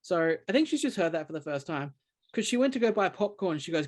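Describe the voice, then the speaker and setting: A man's voice: sits high, big pitch swings, fast. A man telling a long story as a podcast co-host, rambling with many restarts. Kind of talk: casual chat.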